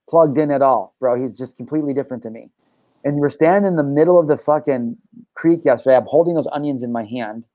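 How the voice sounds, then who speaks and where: A young adult man hosting a podcast, telling stories in an excitable, profane, casual way, full of bro and dude. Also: on the high side, no room sound. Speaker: podcast host. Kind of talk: casual chat.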